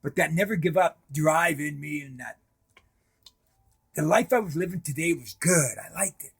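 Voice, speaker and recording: A middle-aged man from Canada telling his own recovery story, halting and repeating words, dropping to a hush and then rising loud. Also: fairly high pitch, gravelly, slightly rough. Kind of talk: personal storytelling.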